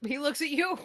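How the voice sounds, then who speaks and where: A woman's voice: high-pitched, dry recording. Laughing woman co-host, dry sound. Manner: warm, reactive listener, laughs often. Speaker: podcast co-host. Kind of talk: casual chat.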